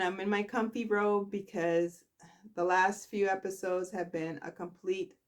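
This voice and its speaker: This is a woman recapping a soap opera at home: relaxed, chatty and animated, unhurried in pace, and jumping widely in pitch as she acts out each character's lines.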